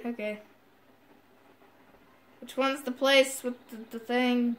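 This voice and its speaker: A woman commentating a video game playthrough, excitable and self-mocking, quick to yell at the game. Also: a little high. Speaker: gamer. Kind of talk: let's play commentary.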